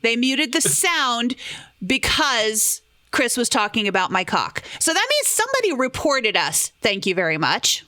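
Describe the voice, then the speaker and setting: Bright-voiced woman podcast co-host. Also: a little high, sing-song, a little slow. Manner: laughs easily, tells stories. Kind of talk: casual chat.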